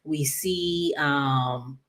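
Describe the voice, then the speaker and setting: A woman casually recapping a soap opera episode in a chatty, animated way, with lots of fillers. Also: deep voice, very slow.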